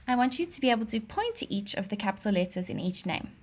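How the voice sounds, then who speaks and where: A woman teacher giving a reading lesson to young children, speaking clearly and reading a rhyme aloud with lively expression. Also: medium pitch, fast.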